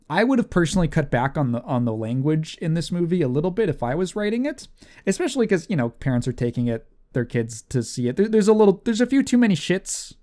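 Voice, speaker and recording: A podcast co-host in a casual movie review chat, rambling and correcting themself, quick to laugh. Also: mid-range voice, darkish tone.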